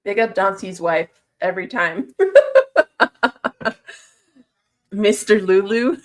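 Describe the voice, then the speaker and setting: Here a woman casually talks to her stream's chat, reading comments out, responding to them, and laughing frequently. Her voice sits comfortably in the middle range, and her pace is moderate.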